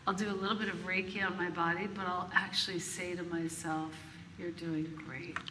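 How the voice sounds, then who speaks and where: A woman hosting a casual interview, speaking gently and encouragingly with short replies and small personal stories. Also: fairly low pitch, fairly even intonation, brisk. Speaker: interviewer and host. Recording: distant mic in reverberant room, clear background noise.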